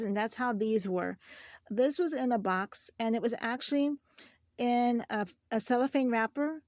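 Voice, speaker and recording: A woman's voice: on the high side, darkish tone, no room sound, clean studio sound. A woman hosting a craft channel, chatting casually through a shopping haul and telling stories with many restarts. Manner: chatty, storytelling, frequent restarts.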